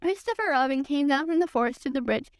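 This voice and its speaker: A woman reading a children's storybook aloud, gently giving the characters light voices. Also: sits high, lively intonation, fast, no room sound. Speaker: podcast reader.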